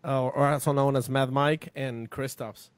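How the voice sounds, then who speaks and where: A man co-hosting a podcast, laughing and trading jokes in loose banter. His voice has an ordinary mid pitch. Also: fairly even intonation, normal speed. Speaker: podcast co-host. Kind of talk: casual livestream podcast chat.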